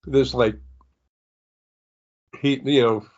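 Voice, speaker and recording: A man's voice: medium pitch, steady tone, very slow, a little mellow, muffled recording. An older man who sniffles, talking through a rambling spiritual monologue as a psychic medium, full of fillers and restarts. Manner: meandering, many fillers and restarts.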